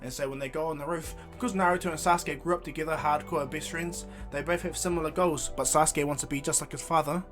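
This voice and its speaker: A man casually retelling a fan story, rambling with restarts. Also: on the high side.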